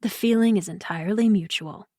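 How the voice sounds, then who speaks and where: A woman narrator voicing a calm, attentive man who looks after his girlfriend in an audiobook. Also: medium pitch, a little fast, no echo, clean studio sound, lightly acted. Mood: warm. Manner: calm and solicitous. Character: attentive, caring man, a boyfriend.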